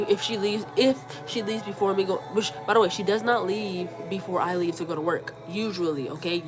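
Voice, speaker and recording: Young woman, casual storytime, slangy, animated, repeats words, acts out quotes, mid pitch. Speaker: storyteller vlogger.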